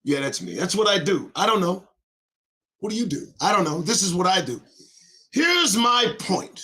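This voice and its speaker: A middle-aged man hosting his own show, ranting in a rhyming monologue with sudden shouts and swearing. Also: sits high, big pitch swings, moderate pace. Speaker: host of a daily online show.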